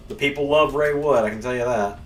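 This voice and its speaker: This channel host keeps up loose, rambling chatter while gaming, his medium-pitched voice brisk. The mic is distant, leaving a roomy sound and a slight background hum.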